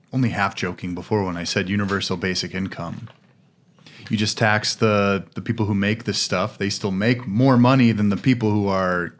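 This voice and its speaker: Low-voiced joking podcast guy. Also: a bit bright, a little hiss or hum. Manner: joking, confident explainer. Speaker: podcast co-host. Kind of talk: casual chat.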